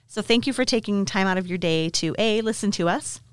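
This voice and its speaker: A woman's voice: mid-range voice, a little fast, clean tone, no echo, clean studio sound. A woman co-hosting a podcast in casual, enthusiastic chat, with a slight New York accent. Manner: enthusiastic, chatty, grateful. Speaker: podcast co-host.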